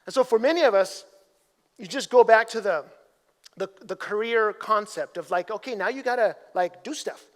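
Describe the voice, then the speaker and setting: A male pastor delivers a sermon in a church sanctuary. His voice sits very high, and the sound carries a long reverberant tail. He talks in a conversational way, doubling back on words and then rising to emphatic peaks. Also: moderate pace.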